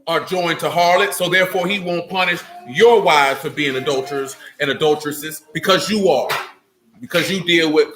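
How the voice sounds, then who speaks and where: A man teaches scripture to a small gathering, stretching out key words slowly. His voice sits a little high and rings bright, and his manner is stern and scolding. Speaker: teacher of a small religious assembly. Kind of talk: scripture teaching with questions to listeners.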